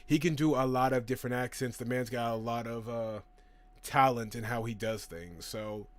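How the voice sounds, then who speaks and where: A man's voice: mid-range voice, steady tone, normal speed. A man hosting a casual live stream, reading out and answering chat questions in a chatty, profane way, laughing easily.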